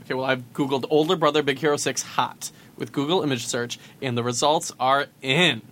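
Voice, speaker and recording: A man co-hosting a podcast in casual chat, animated and jokey, jumping in with quick quips. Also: mid-range voice. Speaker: podcast co-host.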